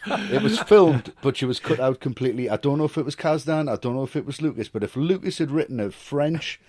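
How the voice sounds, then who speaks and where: A man's voice: mid-range voice, fairly quick, a little hiss or hum. A man co-hosting a casual film podcast, ranting animatedly with swearing and jokes. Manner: animated, swearing, jokey rants. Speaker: podcast co-host.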